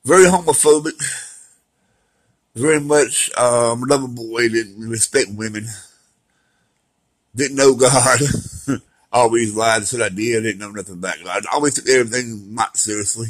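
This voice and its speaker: A man's voice: mid-range voice, normal speed, long pauses, husky, low-quality recording. A middle-aged man talking through his recovery in a rambling, heartfelt, slangy monologue. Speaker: vlogger sharing recovery story. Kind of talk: emotional personal monologue.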